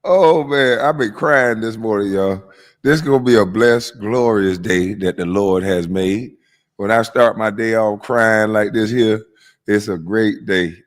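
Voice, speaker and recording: A man hosting a stream, mocking clips in profane casual roast commentary, his nose stuffy. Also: on the low side. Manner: mocking, profane, bursts into laughter. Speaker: host reacting to clips.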